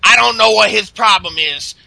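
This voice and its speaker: A man putting on a lower, slangy voice for a blunt wrestling commentator. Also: moderate pace, gravelly, bright, forceful tone, dry recording, full character voice, low-quality recording. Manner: slangy drawl.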